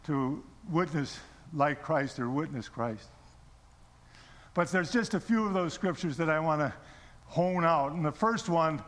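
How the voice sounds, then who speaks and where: A man's voice: on the high side, fairly bright tone, long reverb tail. A middle-aged man preaching a sermon, telling his own story and asking the congregation questions. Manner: storytelling, repeats words, asks the audience questions. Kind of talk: sermon testimony.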